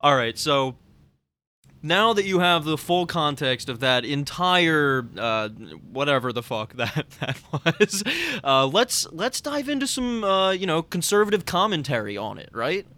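Guy cohosting a jokey podcast, laughs a lot, reads stuff out mocking, bright voice. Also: a little high, very animated, measured pace. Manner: laughs often, reads articles aloud mockingly. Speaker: podcast co-host. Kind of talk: casual comedic podcast chat.

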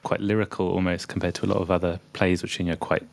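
A man's voice: low voice, little pitch movement, vocal fry. A man interviewing student actors, asking questions and murmuring as he listens. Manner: quick, with brief listening murmurs.

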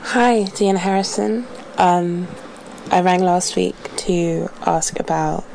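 A woman caller leaving a recorded message in a smooth, raspy, deadpan voice. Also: fairly low pitch, slow pace, a little hiss or hum, poor audio.

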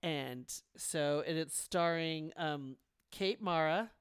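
A talkative woman co-hosting a casual chat show, telling stories with lively emphasis and the odd swear word. Her voice is smooth and clear, recorded close and dry with no room sound. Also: deep voice, slow, dry recording. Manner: chatty, animated, swears freely. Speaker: podcast co-host.

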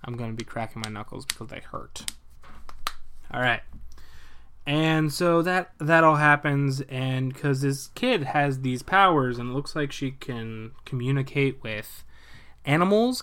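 A young man casually retelling a movie plot, animated and profane, dropping into quick voices for the characters. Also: on the high side, clear, resonant tone.

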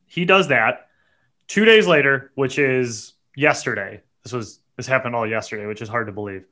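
Man, bright edge, podcast storyteller, swears a lot, animated. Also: medium pitch, moderate pace. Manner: animated, profane, builds to indignant outbursts. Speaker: podcast co-host. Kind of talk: casual storytelling chat.

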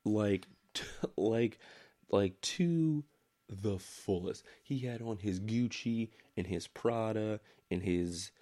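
A man from Maryland co-hosting a casual podcast, joking and teasing, often breaking into laughter. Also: takes it slowly. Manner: animated, jokey, breaks into laughs, lively pitch. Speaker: podcast co-host.

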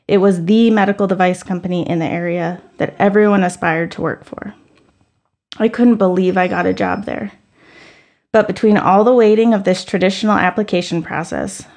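A woman's voice: mid-range voice, darkish tone. A woman in her thirties telling a personal story in a candid, conversational, self-deprecating way.

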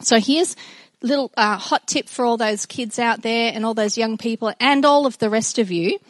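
A middle-aged woman giving a personal devotional talk to children and a congregation, earnest and reflective, with halting restarts. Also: a little high, dry recording. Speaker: speaker addressing children and congregation.

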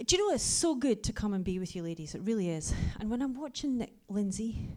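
A woman in her forties, a pastor giving a lively sermon full of personal stories, who drops to a hushed whisper for her asides. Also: mid-range voice, quick pace.

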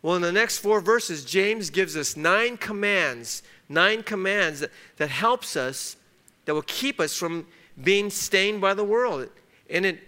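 A man delivers a sermon from the pulpit, his voice pitched high and ringing with a bright, forceful edge. He drives each point home by repeating it and acts out quoted lines within his stories. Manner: emphatic, repeats key phrases, acts out quotes in story. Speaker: pastor.

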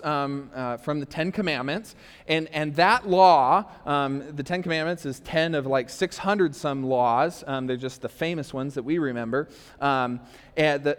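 Young male pastor, high voice, relaxed and joking, lots of ums, church hall reverb. Casual sermon. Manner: conversational, joking asides, frequent fillers.

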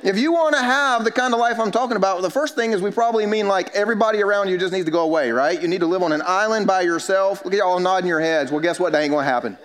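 A man's voice: sits high, quick pace, few pauses. A man, a pastor preaching a sermon in a church and telling stories with self-mocking humor. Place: church sanctuary.

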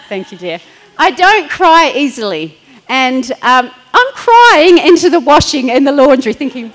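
A woman's voice: high-pitched, big pitch swings, unhurried, fairly bright tone, rough recording. A middle-aged woman pastor, preaching in a chatty storytelling way, laughing and acting out quotes. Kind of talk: sermon.

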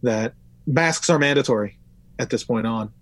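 A man's voice: mid-range voice, moderate pace, dry recording. Male podcast host, casual rambler, swears freely, dry close recording. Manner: loose and rambling, reads from notes, swears casually. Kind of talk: casual wrestling recap chat.

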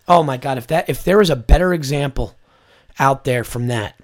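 A man's voice: mid-range voice, brisk. A man hosting his own podcast, ranting in a loose comedic monologue with speech, lots of swearing and acted-out quotes. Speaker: podcast host.

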